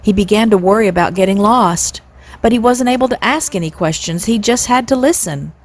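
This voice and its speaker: A woman in her sixties reading a classic children's book aloud in a gentle, steady way. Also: medium pitch, brisk. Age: 60s. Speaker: storyteller, channel host.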